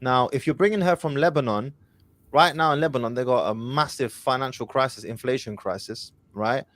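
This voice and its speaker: A man's voice: mid-range voice, brisk, fairly bright tone, no echo. A man hosting an advice call-in show, speaking confidently and directly, with Arabic phrases mixed in. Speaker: host.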